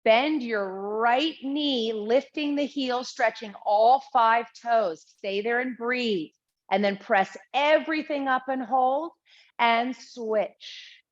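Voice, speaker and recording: A woman teaching a chair exercise class, calmly and steadily cueing each breath and movement. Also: on the high side, slow pace. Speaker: Pilates instructor. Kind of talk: guided exercise class instruction. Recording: slightly dull lo-fi sound.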